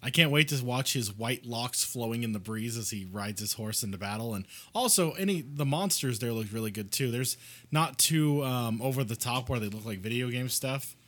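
A man's voice: medium pitch, moderate pace, fairly bright tone. A man co-hosting a casual podcast chat, full of wry, sarcastic quips. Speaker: podcast co-host.

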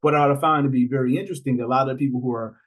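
This is a man in conversation as a podcast guest, telling stories with a lively, animated delivery. He laughs easily and slips into other people's voices when he quotes them. His pitch sits in the middle for a man. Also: racing, rough recording. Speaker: podcast guest, author and father. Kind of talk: conversational storytelling.

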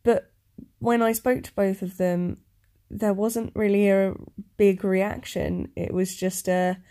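A woman co-hosting a casual podcast chat, talking hesitantly and in quick bursts about her worries. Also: mid-range voice, flat delivery, dark tone. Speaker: podcast co-host.

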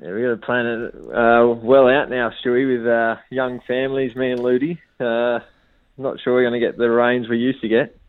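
A man, a retired cricketer, answering modestly and haltingly in a radio interview. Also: medium pitch, little pitch movement, clear, resonant tone, no room sound. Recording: tinny phone line.

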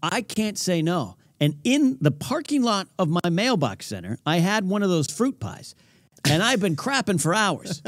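Lively-voiced man co-hosting a chat show. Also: high voice, moderate pace, no room sound. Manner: animated, self-mocking storytelling. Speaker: podcast co-host. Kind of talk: casual chat.

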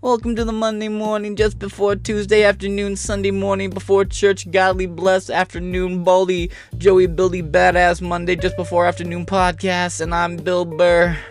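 A man impersonating a brash male comedian hosting a podcast, rambling and shouting. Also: high voice, completely flat delivery, normal speed, hardly any pauses, soft background music, pitched above the performer's own voice.

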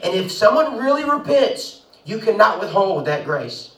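High-voiced preaching man in an echoey hall. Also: big pitch swings, normal speed, fairly bright tone, far from the mic. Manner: emphatic preaching, acts out quoted voices. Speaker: pastor. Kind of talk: sermon.

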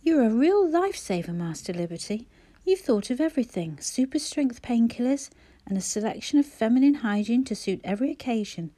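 A woman voicing an ailing woman with a hoarse voice and dry, teasing wit, read from a storybook. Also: medium pitch, expressive, moderate pace, warm tone, close to an everyday voice. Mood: wry. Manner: wry, teasing.

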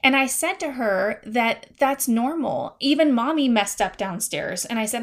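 A woman's voice: fairly high pitch, animated, a little slow, hardly any pauses. A woman in her thirties hosting a faith-based parenting podcast, talking in an earnest, confiding way and reading scripture aloud. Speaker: podcast host.

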